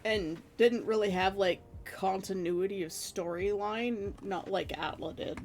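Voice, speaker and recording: A woman streamer in her thirties chats easily with her viewers, her voice sitting at a middle pitch. She is animated, stretches out her exclamations and laughs often. Faint music plays quietly behind her. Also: unhurried. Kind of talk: casual chat with stream viewers.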